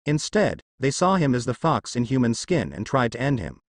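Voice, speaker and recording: A man's voice: medium pitch, big pitch swings, normal speed, no echo, clean studio sound. A man reading the lines of an older male sage, grave and explaining. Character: older male sage, shaken but composed.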